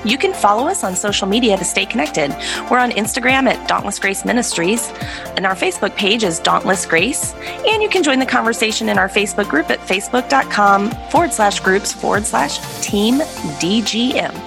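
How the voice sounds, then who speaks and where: A woman's voice: mid-range voice, lively intonation, fairly quick, vocal fry, music in the background. A woman co-hosting a faith podcast in an upbeat, encouraging way. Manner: upbeat, encouraging, wraps up the show. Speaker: podcast co-host. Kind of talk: casual faith podcast chat.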